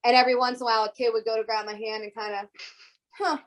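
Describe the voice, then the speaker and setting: A woman teacher talking casually as an interview guest, telling lively stories and acting out the voices of the people in them. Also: a little high, very fast, low-quality recording. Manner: animated storyteller who acts out other people's voices.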